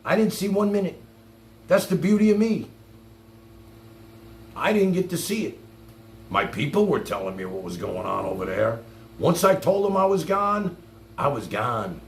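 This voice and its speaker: A man's voice: mid-range voice, vocal fry, reverberant, slight background noise. A man streaming live, mocking a clip by repeating its lines back with sarcasm and heavy swearing. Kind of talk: heated live-stream commentary.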